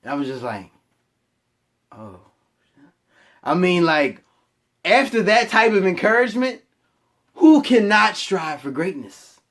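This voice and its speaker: A young man with a fairly high-pitched voice tells a story from his own life straight to camera. He rambles, swears freely and pokes fun at himself in quick asides. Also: sing-song, fairly bright tone. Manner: rambling, profane, self-mocking asides. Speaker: vlogger.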